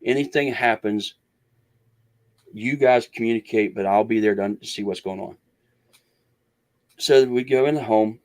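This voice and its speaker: A man with a lowish voice tells a long story as an interview guest. He rambles, restarts his sentences and slips into the voices of the people he quotes. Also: measured pace, long pauses, darkish tone. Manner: rambling, restarts, acts out others' words. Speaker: guest researcher.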